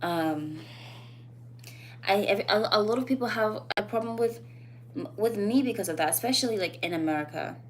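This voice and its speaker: A woman talking straight to camera in a casual opinion vlog, blunt and animated, her thoughts rambling between emphatic points. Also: medium pitch, normal speed, a little hiss or hum. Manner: loose, rambling phrasing with fillers. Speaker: vlogger.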